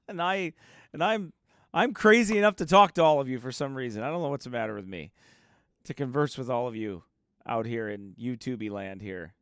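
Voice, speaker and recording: Reading viewer names aloud and cracking jokes, a U.S. pastor makes casual conversation with his livestream audience before preaching. His voice is medium-pitched with a clean tone at a normal speed, recorded in clean studio sound without echo.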